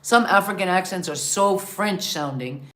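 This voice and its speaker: A woman's voice: on the low side, normal speed, fairly bright tone. A woman hosting an interview in casual chat, asking long, rambling questions. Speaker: interview host.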